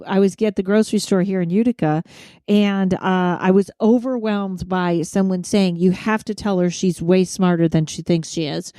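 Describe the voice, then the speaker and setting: A woman hosting a podcast in casual chat, talkative and quick to laugh as she retells stories. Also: medium pitch, no room sound, studio quality. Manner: chatty, laughs easily, quotes people in animated voices. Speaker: podcast host.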